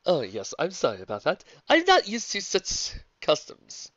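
A woman voicing a polite, cheerful male skeleton gentleman in a fan audiobook reading, speaking with courteous formality. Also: fairly low pitch, huge pitch swings, moderate pace, no room sound, lo-fi sound, voice pushed up.

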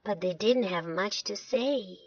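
A woman storyteller narrating a children's storybook in a slow, expressive way. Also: medium pitch, dry recording. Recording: dull lo-fi dry recording.

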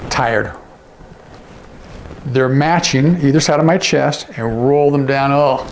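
Slow gravelly man teaching signs. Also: mid-range voice, slight background noise. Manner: patient, repeats each word slowly, checks in with "okay?". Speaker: sign language teacher. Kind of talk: instructional demonstration.

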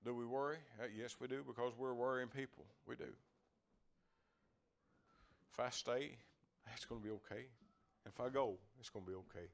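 A man's voice: medium pitch, steady tone, normal speed, creaky, long pauses. Folksy older man preaching. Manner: folksy, repeats words, chuckles while preaching. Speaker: lay preacher. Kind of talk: folksy sermon.

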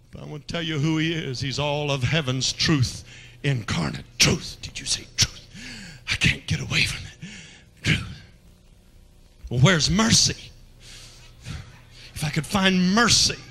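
Bright-voiced, animated male preacher. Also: fairly high pitch, gravelly. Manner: animated, shouting climaxes, leads the crowd in call-outs. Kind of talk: dramatic sermon storytelling.

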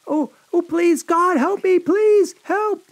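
A man's voice: very high-pitched, takes it slowly, pitched above the performer's own voice, full character voice. A man voicing a terrified young woman fleeing a killer, stammering and pleading. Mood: desperate pleading.

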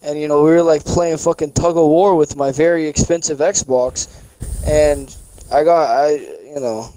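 A man's voice: a little high, fairly even intonation, normal speed, dark tone, no room sound, rough recording. A young man co-hosting a casual podcast, telling a long rambling story full of swearing and fillers. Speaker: podcast co-host. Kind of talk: casual chat.

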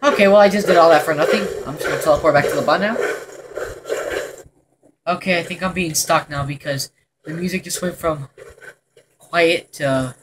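A man giving let's play commentary on a horror game, excitable and profane, with jumpy reactions. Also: fairly high pitch, normal speed, pauses often, background noise. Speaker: gameplay commentator.

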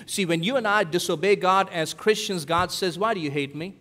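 A man's voice: high voice, brisk, few pauses. Preaching man in a reverberant hall. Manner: dramatic, swings between loud emphasis and hushed quotes. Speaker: pastor. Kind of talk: sermon.

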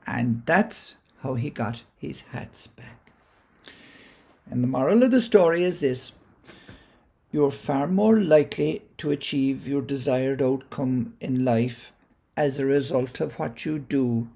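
Gravelly Irish storyteller man. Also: medium pitch. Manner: gentle, unhurried, acts out the story. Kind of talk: told folk tale with a moral.

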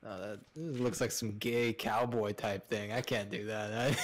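A man's voice: on the low side, steady tone, unhurried. A man playing a game alongside a streamer, teasing his friend, swearing and laughing often. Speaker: co-player. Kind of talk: casual gaming stream chat.

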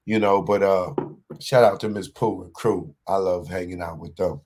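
A man performing live stand-up, telling a long story in slang, with many restarts, and jumping into high shouted voices for the other people in it. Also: fairly even intonation, moderate pace. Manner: repeats and restarts words, talks in slang. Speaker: stand-up comedian.

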